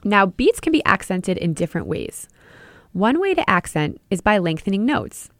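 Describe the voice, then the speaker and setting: In scripted educational narration, a music teacher who hosts a podcast walks the listener through a lesson, clearly explaining ideas and posing questions directly to them. Her delivery is sing-song at a normal speed, and the close, dry recording has no room sound.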